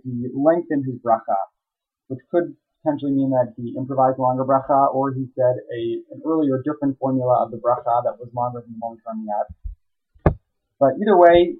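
A man's voice: mid-range voice, husky. A man teaching a Talmud page. He reads the Aramaic lines and then translates and explains them. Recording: tinny phone-like line.

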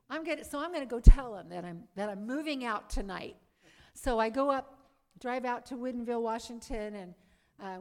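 A woman giving a lively testimony talk to a live audience, acting out her own past lines and asking the crowd questions. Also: fairly high pitch. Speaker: speaker giving a conversion testimony. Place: church or meeting hall. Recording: long hall reverb.

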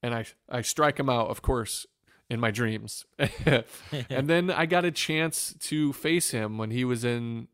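A man from Northwest Ohio, a former pitcher, telling an earnest and emotional story in an interview. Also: unhurried, fairly bright tone, clean tone, dry recording, studio quality. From Northwest Ohio, USA. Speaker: former professional baseball pitcher, guest.

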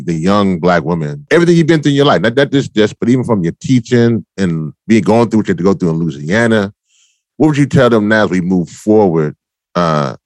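A man's voice: sits low, darkish tone, no room sound. A man interviewing a guest, asking long affirming questions in a casual way.

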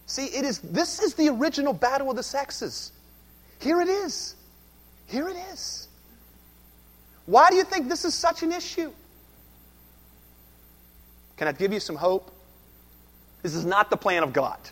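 A man preaching a sermon as a pastor, swinging between loud emphasis and hushed lines. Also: very high-pitched, big pitch swings, moderate pace, pauses often, in a large hall.

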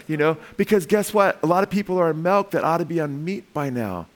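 A man preaching a lively sermon with touches of humor, often asking the congregation "Amen?". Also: a little high, fast talker. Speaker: pastor.

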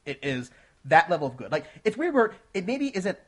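A man co-hosting a casual film review chat, talking in an excitable, animated way and often laughing. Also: high-pitched, a little fast, husky. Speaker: podcast co-host reviewing films.

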